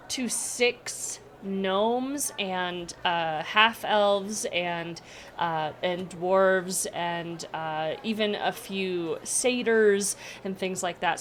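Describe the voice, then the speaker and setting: Woman game master, casual narration with lots of fillers, faint background hiss. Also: medium pitch.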